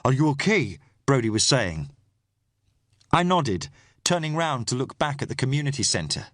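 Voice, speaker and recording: A man narrating a thriller audiobook in the first person, measured and tense. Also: medium pitch, sing-song, fairly bright tone, no room sound, clean studio sound.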